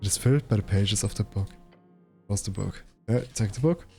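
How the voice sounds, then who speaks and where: Male streamer, dark mellow voice, narrates game text aloud with casual asides. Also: on the low side, a little fast, creaky, faint music behind. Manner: reads text aloud, breaks off to joke and ask.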